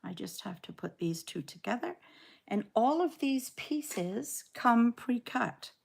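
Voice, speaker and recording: Slow-talking chatty woman in her sixties. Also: fairly high pitch, very animated, creaky, a little mellow. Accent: Canadian. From England. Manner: chatty, rambling, self-deprecating. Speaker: quilting vlogger. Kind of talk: casual sew-along chat.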